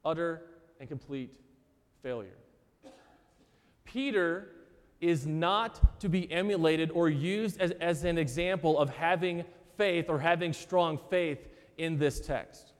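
A man preaching a sermon as pastor, earnest and emphatic, often repeating words and pausing for effect. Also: fairly high pitch. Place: church sanctuary. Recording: church hall with long reverb.

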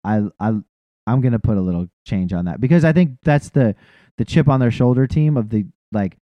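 A man's voice: medium pitch, animated, a little fast, no echo. Male podcast host, casual and profane, dull dry sound. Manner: laid-back, swears casually, stumbles and restarts. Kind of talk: casual chat.

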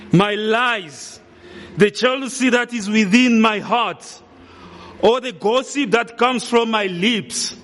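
A man preaching a solemn sermon in a high voice for a man. He speaks slowly and deliberately, weighing each phrase. His words echo with the long reverb of a large hall. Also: a bit bright.

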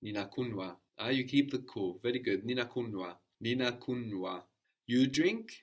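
A man teaching a language lesson, repeating each answer back slowly and checking understanding with a questioning "no?". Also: medium pitch, expressive.

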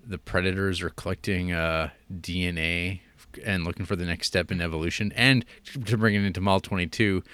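A man's voice: deep voice, fairly even intonation, brisk, a bit bright, smooth, no echo. A man co-hosting a casual movie chat, teasing and dry, with hesitant fillers. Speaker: podcast co-host.

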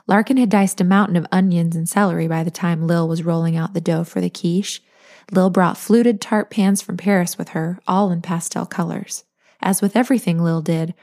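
A woman, an author and podcast host, reading her own novel aloud in steady, measured storytelling. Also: fairly low pitch.

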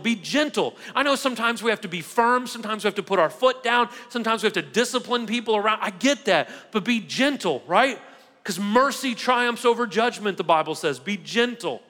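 A man's voice: sits high, fairly bright tone, long reverb tail. A male pastor delivering an emphatic sermon, repeating key phrases and calling the congregation "guys". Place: church sanctuary.

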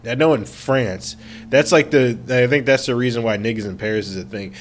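A man's voice: medium pitch, a little fast, a little hiss or hum. A man in his twenties co-hosting a podcast in casual chat, crude and joking and laughing often. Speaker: podcast co-host.

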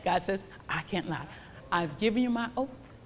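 A woman preaching an animated sermon with call-and-response from the congregation. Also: medium pitch, moderate pace, slight background noise. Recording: long hall reverb.

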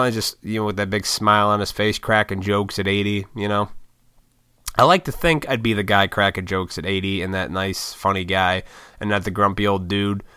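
A man's voice: lowish voice, sharp tone, clear, resonant tone, no room sound, clean studio sound. A man hosting a podcast alone, rambling casually with lots of swearing and laughs. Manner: rambling, profane, laughs often. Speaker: podcast host. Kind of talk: casual solo monologue.

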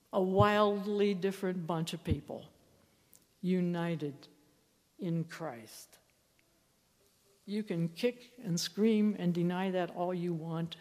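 A woman giving a sermon, telling the story in a lively way and acting out quoted lines. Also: lowish voice. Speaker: preacher. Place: church. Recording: reverberant church hall.

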